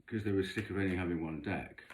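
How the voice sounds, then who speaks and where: A tarot-reading vlogger with a deep, steady voice talks fast over a slight hiss or hum. Drawing cards as he goes, he delivers a chatty, gossipy, rambling monologue sprinkled with campy, theatrical asides.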